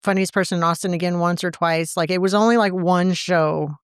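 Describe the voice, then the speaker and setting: Middle-aged woman, stand-up comic, candid and chatty, clear smooth tone, dry close sound. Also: on the low side, fairly even intonation, dry recording. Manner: chatty, candid, quick to laugh. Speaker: comedian, podcast guest. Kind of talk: casual interview chat.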